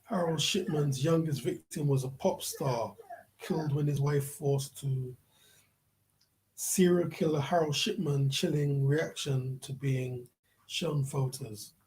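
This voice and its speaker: Ranting man, mellow voice. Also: a little high, slow pace, poor audio. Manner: profane, repeats "yeah?" to the listener. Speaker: vlogger. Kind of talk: ranting commentary.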